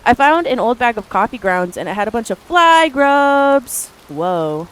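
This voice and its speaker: A woman's voice: on the high side, sing-song, measured pace, fairly bright tone, clean tone. A woman streamer chatting casually to her live viewers, rambling through stories with lots of filler words and casual swearing. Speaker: art streamer.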